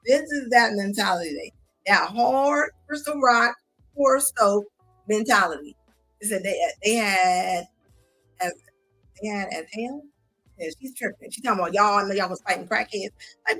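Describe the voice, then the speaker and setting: A woman's voice: fairly high pitch, big pitch swings, moderate pace, pushed and bright, faint music behind. Blunt, mocking woman streamer. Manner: blunt, mocking, laughs often. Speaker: commentary streamer. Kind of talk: casual reaction commentary.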